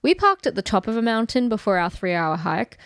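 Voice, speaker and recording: A woman co-hosting a podcast, telling animated stories in casual chat and swearing freely. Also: fairly high pitch, fairly quick, clear, resonant tone, dry recording, studio quality. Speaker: podcast co-host.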